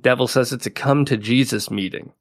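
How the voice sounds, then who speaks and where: A man of ordinary, mid-range pitch talks through a TV episode on a casual podcast. He is chatty and loose, peppering his recap with "like" and breaking into laughter now and then. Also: a little fast. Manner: chatty, laughs often, leans on "like" a lot. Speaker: podcast co-host.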